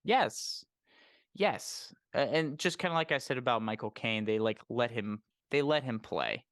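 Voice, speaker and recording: A man hosting a casual movie chat, animated and emphatic, quick to laugh. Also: mid-range voice, no echo, studio quality. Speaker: podcast host.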